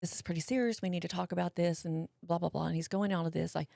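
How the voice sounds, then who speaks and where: Her voice is fairly low, fast and creaky, captured at studio quality without echo. This middle-aged interview guest recounts something that happened to her, performing other people's quotes with drawling impressions.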